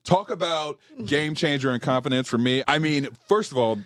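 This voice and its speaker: A man, an entertainment journalist, telling an animated story on a podcast and acting out what people said. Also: fairly high pitch, moderate pace, few pauses, dry recording, clean studio sound. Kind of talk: storytelling anecdote in a podcast interview. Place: studio.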